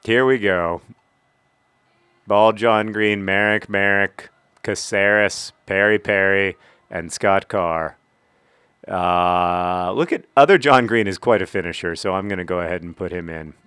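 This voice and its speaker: A man's voice: sits low, a little slow, a bit bright, clear, resonant tone, no room sound, clean studio sound. A man in his thirties giving rambling, self-deprecating commentary while playing a soccer video game and cheering on his team. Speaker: gaming video host.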